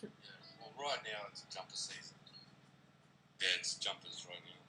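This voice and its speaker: A man's voice: fairly low pitch, moderate pace, over music, rough recording. A man with an Australian accent, chatting casually on a livestream, rambling and laughing often. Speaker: co-host.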